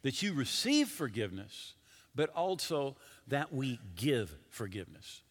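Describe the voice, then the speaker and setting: A male pastor preaching a sermon in an animated way, asking his listeners questions directly. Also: medium pitch, a little slow. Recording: long hall reverb.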